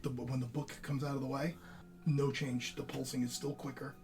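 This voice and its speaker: A man runs a tabletop game as dungeon master. He calls for checks and describes what happens in a calm, measured way, humming softly as he builds suspense. His voice sits at an ordinary middle pitch. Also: music in the background.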